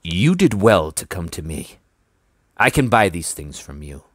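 A man's voice: deep voice, very animated, measured pace, no room sound, clean studio sound, heavily acted. A man reading aloud, voicing a stout bearded man who speaks curtly and suspiciously. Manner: curt, snapping.

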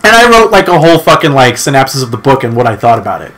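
A man's voice: medium pitch, very animated, racing, fairly bright tone. A young man co-hosting a podcast, telling a rambling story in casual chat, swearing freely and restarting his sentences. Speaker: podcast co-host.

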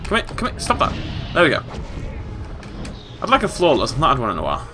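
British guy doing lets play commentary, jokey and excitable, bouncy voice going way up, game music under it. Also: mid-range voice, quick pace. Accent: English. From Britain. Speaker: gaming YouTuber. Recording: game music playing behind voice.

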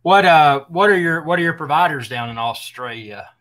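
A man calling into a live stream, chatting in an easygoing, flattering way. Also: a little high, moderate pace, a little hiss or hum. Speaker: caller. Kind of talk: casual chat on a live stream.

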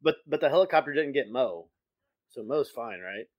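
A man's voice: mid-range voice, expressive, normal speed, muffled recording. A man co-hosting a podcast, dropping wry comments and chuckles while recapping a cartoon episode. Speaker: podcast co-host. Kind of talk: casual episode recap chat.

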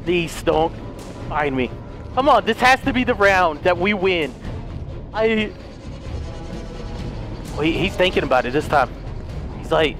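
A young man giving comedic let's play commentary, frantic and pleading, shouting and laughing as he plays. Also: sits high, animated, measured pace, pauses often, over music. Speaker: gaming video host.

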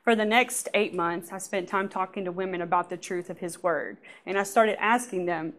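A woman giving a lively personal testimony at church, often laughing and acting out what people said. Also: lowish voice, moderate pace.

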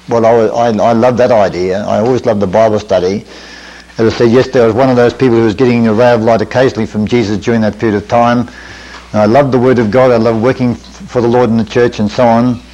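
A man's voice: medium pitch, fairly quick, a little mellow, low-quality recording. An older man, preaching at a camp meeting in a folksy storytelling way with self-deprecating asides, in a 1980s recording. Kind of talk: sermon storytelling. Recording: 1980s radio-quality recording.

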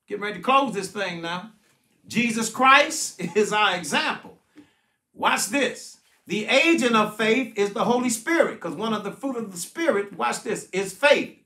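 High-voiced older preacher in an echoing room. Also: male voice, animated, unhurried, bright, forceful tone. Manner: emphatic preaching with repeated "watch this" and "listen" cues. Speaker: pastor. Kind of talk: sermon-style Bible study. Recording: roomy echoing sound.

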